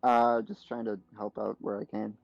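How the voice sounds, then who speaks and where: A man's voice: on the low side, flat delivery, normal speed, vocal fry, no echo, soft background music. A man playing in a tabletop game, hesitant and full of fillers, over a dull lo-fi mic. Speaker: player. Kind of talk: casual game chat.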